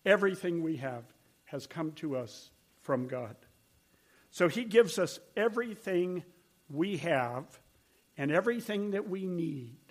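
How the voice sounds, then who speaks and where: A man's voice: a little high, lively intonation, unhurried. An older man preaching a sermon, telling stories in an earnest, conversational way. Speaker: pastor.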